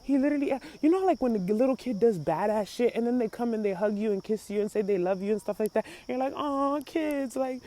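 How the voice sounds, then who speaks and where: A woman hosting a podcast, giving casual commentary in a slangy, laughing, animated way. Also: mid-range voice, fast talker, few pauses, slight background noise. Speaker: podcast host.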